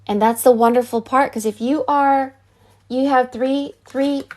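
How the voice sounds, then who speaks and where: A woman's voice: high voice, steady tone, measured pace. A woman giving a live psychic reading, earnest and rambling, with many fillers and restarts. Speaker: psychic reader.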